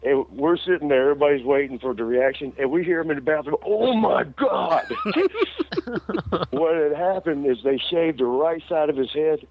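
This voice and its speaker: A middle-aged former wrestler, interviewed as a guest, tells a long story in casual, rambling fashion, laughing and full of fillers and restarts. He talks fast with few pauses in a fairly high voice. The lo-fi radio show audio has a little hiss or hum.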